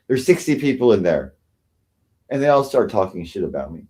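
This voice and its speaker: A man's voice: mid-range voice, lively intonation, normal speed, dark tone. A man hosting a livestream, ranting sarcastically and with self-pity, often mocking others. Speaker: livestream host. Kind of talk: rambling livestream rant.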